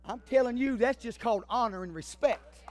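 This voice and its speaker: A man's voice: very high-pitched, a little fast, background noise. A man preaching a sermon as pastor, fervent and emphatic, speaking straight to his congregation. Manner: addresses the congregation directly.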